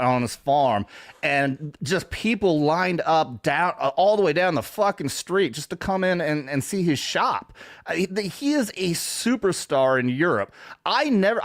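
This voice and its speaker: A man's voice: fairly high pitch, a bit bright, no room sound, studio quality. A man hosting a casual chat stream, talking in a rambling, profane way and laughing often. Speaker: show host.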